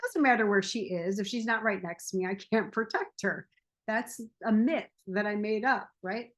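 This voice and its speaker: A woman's voice: mid-range voice, moderate pace, fairly bright tone. A woman in her forties, a self-help coach, talking casually and laughing often as she tells a personal story. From United States. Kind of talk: casual monologue.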